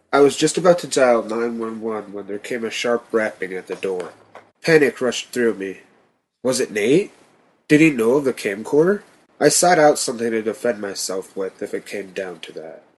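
A man reading a first-person horror story in a tense, steady manner. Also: fairly low pitch, slight background noise. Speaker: narrator.

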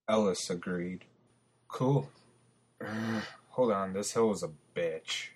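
A man narrating his own story podcast, blunt and profane in his asides. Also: fairly low pitch.

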